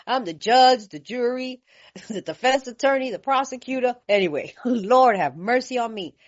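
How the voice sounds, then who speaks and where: Animated laughing woman sharing her story. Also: on the high side, moderate pace. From California. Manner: animated, laughing often, colloquial. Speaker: recovery meeting speaker. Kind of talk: recovery share, storytelling. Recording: slightly muffled lo-fi recording.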